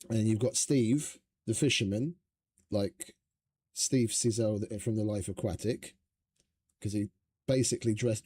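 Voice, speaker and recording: A man's voice: fairly low pitch, mellow, no echo, clean studio sound. A man streaming a survival game, chatting casually in a rambling, profane, stop-start way. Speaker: gaming streamer. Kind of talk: casual gameplay commentary.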